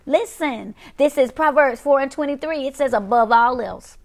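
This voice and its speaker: A woman's voice: on the high side, moderate pace, hardly any pauses. A woman preaching a sermon on a live stream, emphatic and repetitive, stretching key phrases and calling out to her viewers.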